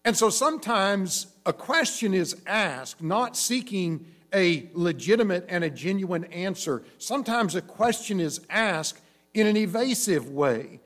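A man preaching a sermon, explaining scripture in a measured, teaching way with frequent restarts. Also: high voice, lively intonation, fairly bright tone.

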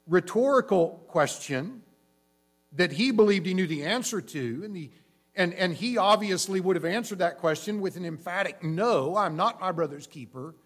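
A man preaching a sermon, explaining scripture in a measured, teaching way with frequent restarts. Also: a little high, fairly bright tone.

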